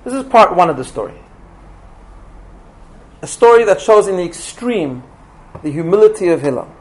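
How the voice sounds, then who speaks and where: A man tells a story in a lecture, with an animated, chatty delivery. He often repeats words and checks in with his listeners. His voice is high for a man. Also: normal speed.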